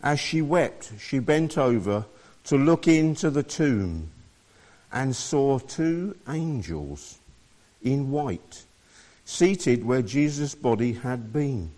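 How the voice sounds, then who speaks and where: A man's voice: mid-range voice, lively intonation, takes it slowly, a little mellow. A man preaching a sermon, reading scripture aloud and explaining it to his listeners.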